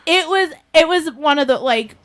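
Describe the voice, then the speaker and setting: Woman podcast host, pretty high voice, rambling animated stories, swears a lot. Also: normal speed, slight background noise. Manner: animated storyteller, swears freely, acts out quotes. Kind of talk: casual chat.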